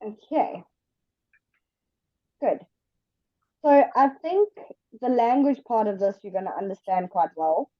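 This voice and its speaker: A woman's voice: mid-range voice, very animated, no room sound. A woman gives an online English lesson, patient and careful, walking through each point with examples. Her voice sits in the middle range. The sound is dry and a little muffled. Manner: patient, explains slowly with examples. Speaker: English teacher.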